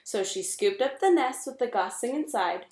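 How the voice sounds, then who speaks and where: A woman reading a children's novel aloud in an expressive, measured way. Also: on the high side. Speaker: reader. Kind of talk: storybook read-aloud. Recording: echoey room.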